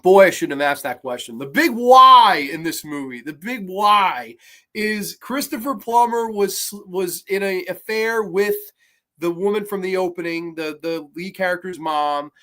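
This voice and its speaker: Man, horror film reviewer, casual podcast chat, lots of swearing, animated, rambling asides. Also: high-pitched, a little slow. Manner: animated, swears often, acts out scenes in quotes. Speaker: horror movie reviewer host.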